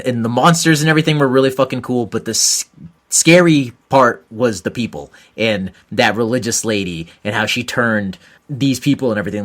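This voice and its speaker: A man's voice: medium pitch, fairly bright tone. A man co-hosting a podcast in casual chat, blunt and heavy on swearing. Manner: profane, blunt, laughs at own jokes. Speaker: podcast co-host.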